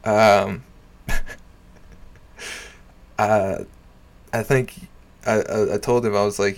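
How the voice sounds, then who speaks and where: A young man casually telling a story, swearing freely, laughing often and dropping into low mutters. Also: slow pace, pauses often.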